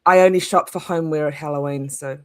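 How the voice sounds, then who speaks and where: Woman on a video call w a real low voice, thinks as she talks, honest, dry sound. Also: steady tone, a little mellow, clear, resonant tone, dry recording. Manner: thoughtful, halting, candid. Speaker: interview guest. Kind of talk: casual interview over video call.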